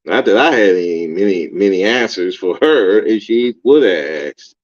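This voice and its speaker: A man's voice: sits low, animated, normal speed, muffled recording. A man hosting a podcast, reacting in casual, blunt, profane commentary and laughing at himself. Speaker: podcast host reviewing an interview.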